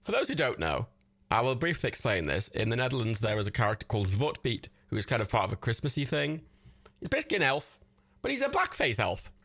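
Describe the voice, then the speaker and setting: A man's voice: huge pitch swings, fast talker, fairly bright tone. A man hosting a livestream, chatting casually with viewers into a microphone while they watch a movie together. He swears freely and breaks into frequent laughter. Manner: swears freely, laughs often, wildly swinging pitch. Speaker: livestream host.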